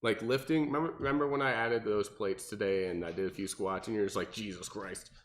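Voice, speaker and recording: A man, a personal trainer co-hosting a podcast, talking casually and animatedly with lots of fillers and restarts. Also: quick pace. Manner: animated, mimics people in exaggerated high voices, many fillers and restarts.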